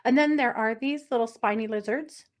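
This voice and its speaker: Brief: woman podcast co-host, playful, giggly storyteller, fairly high voice. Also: normal speed. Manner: playful storyteller, lots of uh and mm-hmm, giggles through odd news. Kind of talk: casual true crime chat.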